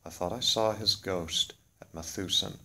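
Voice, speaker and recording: A man narrating a scripted literary story in a measured, solemn way. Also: low-pitched, fairly even intonation, bright, forceful tone, a little hiss or hum.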